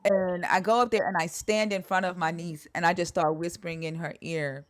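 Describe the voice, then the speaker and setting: A woman telling a church story in a casual chat, her voice sitting a little low. She talks bluntly, swears freely, and acts out the people she quotes. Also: steady tone, normal speed. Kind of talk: casual conversation about church experiences.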